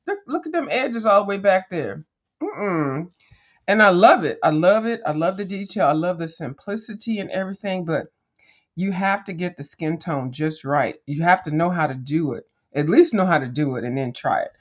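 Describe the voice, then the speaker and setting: A woman's voice: lowish voice, lively intonation, moderate pace, muffled recording. A woman hosting a coloring video, chatting casually and rambling as she flips through pages, with lots of fillers and sassy asides to viewers. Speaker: coloring channel host. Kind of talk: casual chat while flipping through a coloring book.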